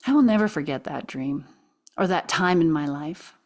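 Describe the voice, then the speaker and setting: Woman reading her memoir with soft whispered asides. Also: low voice, normal speed. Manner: expressive, drops to soft whispers at quiet moments. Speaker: author reading her own book.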